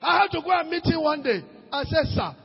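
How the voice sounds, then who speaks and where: A Nigerian man preaching a sermon as pastor, swinging between shouted peaks and low asides, slipping into Pidgin. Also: fairly quick, vocal fry, in a large hall, muffled recording. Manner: preaches with sudden shouted rises and quiet drops, mixes in Pidgin.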